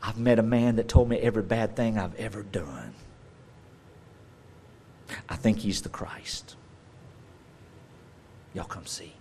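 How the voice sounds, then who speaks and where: A preacher voicing a Southern village woman in a hushed, drawling, confiding tone with an American Southern accent. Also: fairly low pitch, slow, pauses often, a little hiss or hum, pitched below the performer's own voice. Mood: awed hush.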